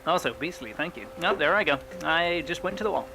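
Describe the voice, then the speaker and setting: A man's voice: on the high side, animated, fairly quick, noisy background. A man streaming a roleplay game, chatting casually and joking between scenes, swearing freely.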